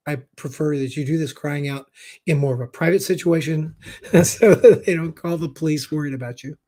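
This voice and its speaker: A middle-aged man hosts a live-stream talk show, his voice pitched a little above the usual for a man. He reads viewer comments aloud and talks to his listeners in an encouraging, folksy way, reassuring them often. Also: darkish tone. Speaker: show host.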